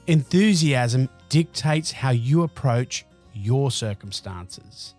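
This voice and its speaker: A man giving scripted motivational narration in a measured, emphatic way. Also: mid-range voice, expressive, darkish tone, faint music behind. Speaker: motivational speaker.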